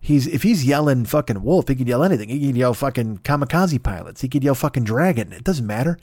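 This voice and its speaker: A man spins a fable into a loose, profane comic ramble, with the dry, close sound of a podcast mic. His voice sits at an everyday middle pitch. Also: lively intonation, fast talker, a little mellow, no room sound. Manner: rambling, profane, mock-grumbling retelling of a fable. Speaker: podcast host. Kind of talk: comic storytelling.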